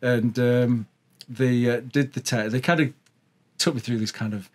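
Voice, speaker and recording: A man's voice: mid-range voice, fairly even intonation, measured pace, a little mellow. A man from England, the interviewer in a casual conversation, sharing his own experience in a chatty, agreeable way.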